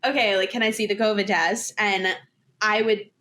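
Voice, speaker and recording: A woman's voice: mid-range voice, steady tone, moderate pace, sharp tone. A woman in her twenties, a podcast guest talking candidly and casually, with lots of filler words. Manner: chatty, candid, heavy use of "like".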